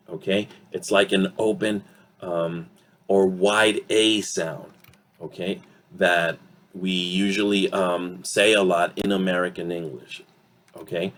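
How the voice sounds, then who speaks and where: A man teaching English pronunciation in an online lesson, speaking deliberately, modelling words slowly and often checking in with the learner. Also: low-pitched, steady tone, a bit bright.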